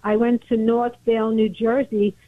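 A woman's voice: a little high, flat delivery, normal speed. A woman with a Brooklyn accent calling in to a talk radio show, chatty and earnest, saying "you know" often. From Brooklyn, New York. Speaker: caller. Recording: tinny phone line.

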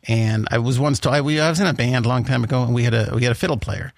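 Gravelly, joking morning radio host. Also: male voice, medium pitch, fairly even intonation, rapid-fire, no room sound, studio quality. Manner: rambling, jokey, lots of fillers. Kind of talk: casual morning show banter. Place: radio studio.

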